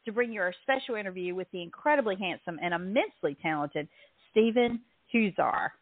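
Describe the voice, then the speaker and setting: A woman's voice: mid-range voice, animated, a little fast, no room sound. A woman with a Southern US accent hosting a radio show, chatty and self-deprecating, laughing often. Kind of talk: casual chat. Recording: tinny phone-like line.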